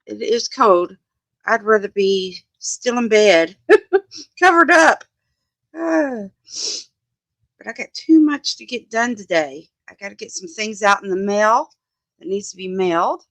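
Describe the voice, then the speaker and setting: Lady crafting at her desk on a live stream, slow and chatty, dry close sound. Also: medium pitch, animated, no echo. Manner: chatty, greets viewers by name, thinks aloud. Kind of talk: casual live-stream chat while crafting. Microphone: phone.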